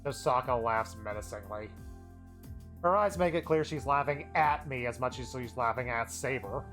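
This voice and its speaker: Streamer narrating a visual novel, expressive, faint background music. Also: medium pitch, moderate pace. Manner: expressive, exasperated asides.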